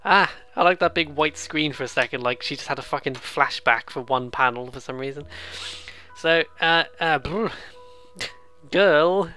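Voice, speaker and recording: Giggly, bright-voiced let's play host. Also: medium pitch, soft background music. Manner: giggly, self-deprecating, quick asides. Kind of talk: casual game commentary.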